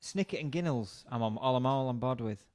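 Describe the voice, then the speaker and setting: A man's voice: medium pitch, brisk, a little mellow. A man from Bradford with a West Yorkshire accent, co-hosting a podcast in casual, jokey chat and often repeating words. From Bradford, England. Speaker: podcast co-host.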